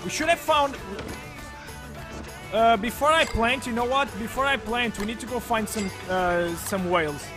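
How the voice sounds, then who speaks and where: A man commentating his own gameplay on a live stream, thinking aloud with lots of fillers and breaking into loud, excited shouts. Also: very high-pitched, normal speed, music in the background. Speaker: game streamer.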